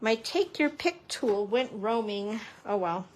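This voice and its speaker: Chatty, goofy woman with a higher voice. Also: animated, takes it slowly, slight background noise. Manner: chatty, playful, self-mocking asides. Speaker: papercrafting instructor. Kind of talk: casual live-stream craft demo.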